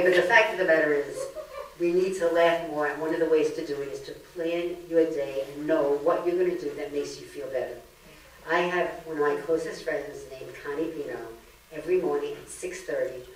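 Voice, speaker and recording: An older woman giving a humorous public lecture, with a lively comic delivery and acted-out quotes. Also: low voice, a little fast. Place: library lecture room. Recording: echoey hall from far off, faint noise.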